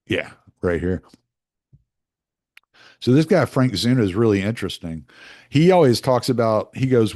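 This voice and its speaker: Podcast host, American man, loose rambling monologue, animated pitch, opinionated delivery. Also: moderate pace, long pauses. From United States. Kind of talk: casual monologue.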